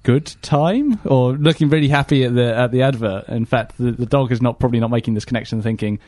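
A man co-hosting a casual podcast rambles through jokes, fillers and restarts. His voice sits at an ordinary middle pitch. The sound is dry and close, with no room echo. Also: a little fast, a little mellow. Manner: rambling, joking, many fillers. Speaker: podcast co-host. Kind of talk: casual comedic chat.

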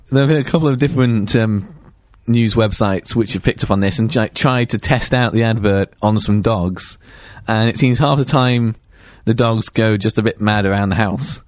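A man's voice: lowish voice, no echo. Wry stumbling man, dry sound. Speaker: podcast co-host. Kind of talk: casual comedic chat.

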